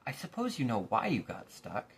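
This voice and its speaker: A man voicing a gruff, impatient watchdog in a storybook reading, loud and scolding. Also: mid-range voice, huge pitch swings, moderate pace, a little hiss or hum. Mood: angry scolding.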